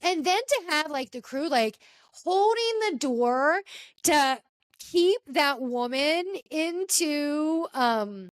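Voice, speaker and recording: A woman hosting a casual podcast, telling a story with lively acted-out quotes from the people in it. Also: takes it slowly, dry recording. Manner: animated storyteller, acts out quotes with pitch jumps. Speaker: podcast host. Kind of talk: casual chat recapping a reality show.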